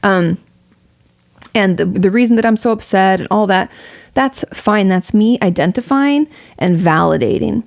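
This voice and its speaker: Frank young woman with a gravelly voice. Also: medium pitch, a little slow, no room sound, studio quality. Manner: candid and frank, swears casually; rambling with many fillers and restarts. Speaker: streamer answering a viewer question. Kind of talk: casual advice talk.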